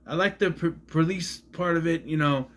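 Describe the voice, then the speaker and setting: A man's voice: a little high, normal speed, fairly bright tone, slight background noise. A man casually showing off his film collection on camera, rambling, joking and swearing now and then. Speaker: collection vlogger. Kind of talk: casual show-and-tell chat.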